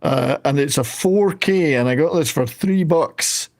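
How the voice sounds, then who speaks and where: Man, host, casual panel chat, chatty, slightly high voice, video call. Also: a little slow, darkish tone. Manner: chatty, laughs easily.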